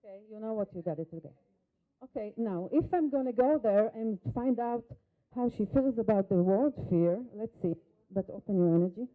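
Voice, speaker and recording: A woman whose first language is Hebrew runs a hands-on workshop demo. She guides a volunteer with brisk prompts and direct questions, at a middle pitch. The audio is thin and tinny, like a phone line in a conference hall. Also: lively intonation. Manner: coaching, short instructions and questions to a volunteer. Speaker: workshop facilitator. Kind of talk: live workshop demonstration.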